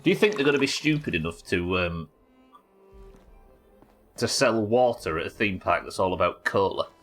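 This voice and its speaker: A man's voice: deep voice, animated, normal speed, a bit bright, faint music behind. A young man streaming a game live, chatting casually and rambling, swearing and reacting aloud as he plays. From United Kingdom. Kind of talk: live gameplay commentary.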